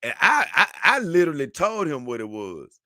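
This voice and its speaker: A man's voice: on the high side, sing-song, a little fast, sharp tone, no echo, studio quality. A man hosting a casual livestream, reading out viewer comments and answering them in loose, repetitive, slang-heavy talk.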